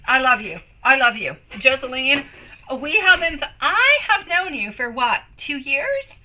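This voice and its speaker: A woman's voice: high-pitched, unhurried, slight background noise, poor audio. A woman giving a live-stream tarot reading, affectionate and emotive, calling viewers sweetie and my love. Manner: emotive, swings between excited and soft. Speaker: tarot reader.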